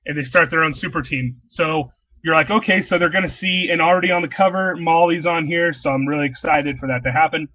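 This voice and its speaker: Guy rambling excitedly about comics, kinda high voice, lots of uh and restarts, muffled dry sound. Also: no room sound. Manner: enthusiastic, rambling, with many fillers and restarts. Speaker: comic shop owner reviewing new comics. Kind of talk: casual rambling review.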